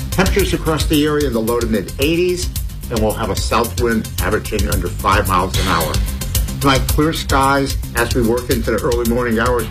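A man giving the morning weather forecast on the radio in a steady, matter-of-fact way. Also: mid-range voice, poor audio.

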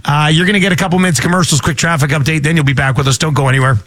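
A man hosting a sports radio show, talking energetically and moving quickly into sponsor reads. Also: fairly high pitch, steady tone, fairly bright tone. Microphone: studio microphone.

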